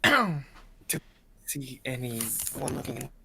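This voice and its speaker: A man playing a tabletop game over voice chat, soft-spoken and hesitant. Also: mid-range voice, sing-song, slow pace, creaky, background noise. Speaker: player.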